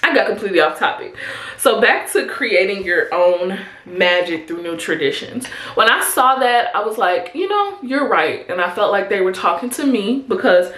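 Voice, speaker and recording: A woman in her twenties, talking in a chatty, open way straight to her viewers. Her voice sits at a mid pitch. The room around her echoes noticeably. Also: a bit bright. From Chicago, USA. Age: 20s. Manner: chatty and candid, addressing viewers as "y'all" and "honey". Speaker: vlogger. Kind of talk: casual chat while getting ready.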